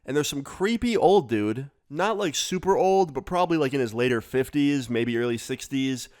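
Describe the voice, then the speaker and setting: A man telling a storytime vlog story in a casual, profane, animated way. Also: mid-range voice, normal speed. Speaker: storyteller vlogger.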